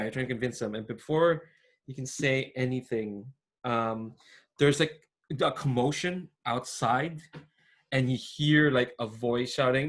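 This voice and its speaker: A man's voice: medium pitch, fairly bright tone. Rambling man running a tabletop game. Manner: rambling, full of fillers and restarts. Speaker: game master. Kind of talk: casual tabletop game narration.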